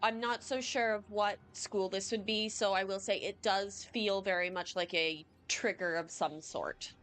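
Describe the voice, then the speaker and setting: Acting as game master for a tabletop game, a woman narrates haltingly, with many ums and restarts. Her mid-range voice is a bit bright, with fairly even intonation.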